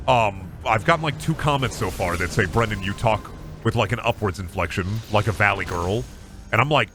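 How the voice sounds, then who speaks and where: A man's voice: medium pitch, sharp tone. A male streamer giving casual gaming commentary, rambling and swearing freely.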